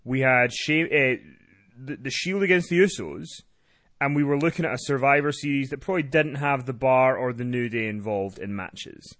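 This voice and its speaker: A man with a mid-pitched, everyday voice hosts a wrestling podcast. He recaps events quickly and loosely, with plenty of "um"s and offhand swearing, and keeps the tone conversational. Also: a bit bright. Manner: quick, rambling recap with fillers and casual swearing. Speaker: podcast host.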